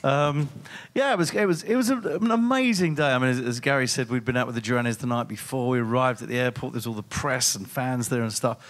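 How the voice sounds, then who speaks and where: A man's voice: medium pitch, quick pace. A man in his sixties, a guest singer reminiscing in an interview with a rambling, self-deprecating manner.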